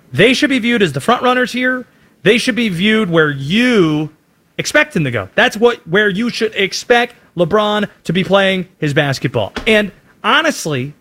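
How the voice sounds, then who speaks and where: A man's voice: sits high, a bit bright. A man giving an emphatic sports opinion monologue, punchy and full of rhetorical questions. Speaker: sports commentator.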